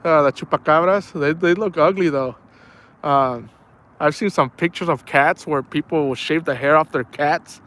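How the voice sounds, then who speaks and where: A man's voice: a little high, normal speed, a bit bright. A man chatting casually on a live stream while night fishing, rambling through stories and calling listeners man and bro. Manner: rambling, storytelling, says man and bro a lot. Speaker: outdoors streamer. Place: outdoors at night near water.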